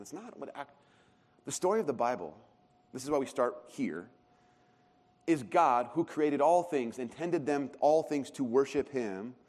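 A man in his thirties preaching a sermon as a pastor, telling stories in a conversational, self-deprecating way. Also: a little high. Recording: long hall reverb.

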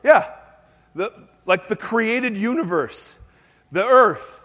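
A man's voice: high voice, animated, takes it slowly, fairly bright tone, big-room sound. A male pastor giving a sermon to his congregation, breaking in with playful joking asides. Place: church sanctuary.

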